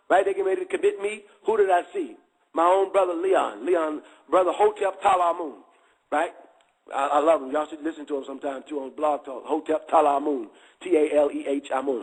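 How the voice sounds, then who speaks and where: Brief: middle-aged man, raspy and a bit high, candid slangy testimony, keeps asking if you follow. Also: low-quality recording. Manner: streetwise slang, constant check-ins with listeners. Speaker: guest giving a testimony.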